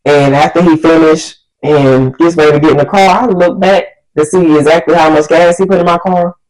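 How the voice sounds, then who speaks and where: A woman vlogger telling a story in an animated, exasperated way. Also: low voice, brisk, poor audio. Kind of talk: storytime vlog.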